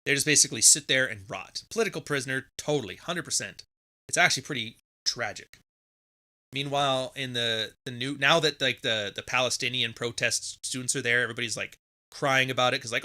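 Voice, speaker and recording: A man's voice: medium pitch, brisk, pushed and bright. A middle-aged man from Canada hosting a podcast, ranting casually and bluntly, swearing freely and sarcastically acting out other people's lines. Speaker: podcast host.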